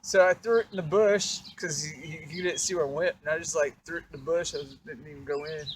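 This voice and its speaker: High-voiced young man telling a story. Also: quick pace, recorded from a distance, a little hiss or hum. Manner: animated, profane, rambling with fillers. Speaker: vlogger. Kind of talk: casual storytelling.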